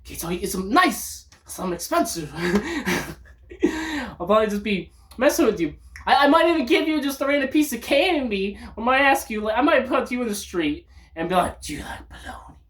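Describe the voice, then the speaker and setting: A woman vlogging in an upbeat, rambling monologue, breaking into loud outbursts when she acts out quotes. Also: fairly high pitch, lively intonation, normal speed.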